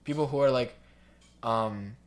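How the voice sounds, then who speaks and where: A man's voice: mid-range voice, a little slow, over a noisy crowd. A teenage boy chatting casually, ranting about people at school and mimicking them in exaggerated voices, with lots of fillers. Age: teens. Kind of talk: casual chat.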